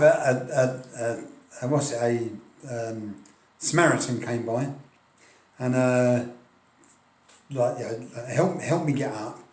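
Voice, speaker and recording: Man, middle-aged, rambling hobby vlog, slightly high voice, roomy echo. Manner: chatty, self-deprecating, laughs often, frequent restarts. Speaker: wargaming hobby vlogger. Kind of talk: casual rambling chat to camera. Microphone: filming on a tablet.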